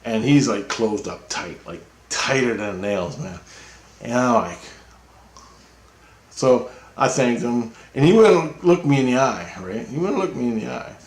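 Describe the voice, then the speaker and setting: A man tells a rambling story out loud, swearing freely and breaking into laughs along the way. His voice sits at an ordinary middle pitch. The sound bounces around an echoey room. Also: animated, measured pace. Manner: rambling, profane, laughs often while talking. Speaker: vlogger telling a personal story. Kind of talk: casual storytelling.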